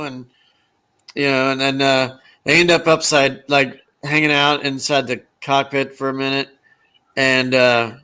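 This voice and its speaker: A man's voice: mid-range voice, clean tone. A man in casual chat, animatedly retelling comedy scenes with lots of fillers and rambling asides. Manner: animated storyteller, acts out quotes from comedy scenes; loose, rambling with many fillers. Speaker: conversation partner.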